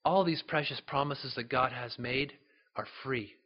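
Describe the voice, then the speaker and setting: A man preaching a sermon as a pastor, emphatic and slowing down to stress scripture. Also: mid-range voice, muffled recording.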